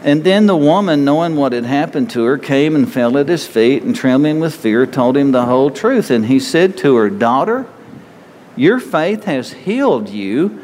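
A man's voice: mid-range voice, normal speed, few pauses, a little mellow. A man preaching a sermon in an earnest, conversational way, acting out pleading voices as he retells the story. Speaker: pastor. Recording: hall reverb with faint ambient noise.

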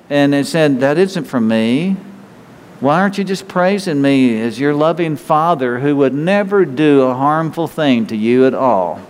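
A man preaching a sermon in a slightly higher voice than most men. His speech is conversational and personal, and he often slips into quoted prayers and self-talk. A long reverb from the church hall trails after his words. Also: animated, normal speed. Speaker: pastor.

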